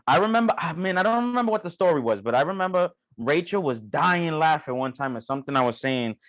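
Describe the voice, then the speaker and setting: A man's voice: fairly high pitch, lively intonation, fast talker, fairly bright tone. A man, a former co-host telling laid-back stories and swearing freely in a casual podcast chat. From New York.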